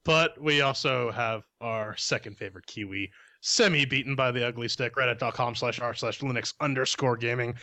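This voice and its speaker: A man's voice: medium pitch, moderate pace, hardly any pauses, pushed and bright, dry recording. A man from Canada co-hosting a gaming podcast, rambling and joking in casual banter. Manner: rambling, joking, repeats words. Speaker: podcast co-host.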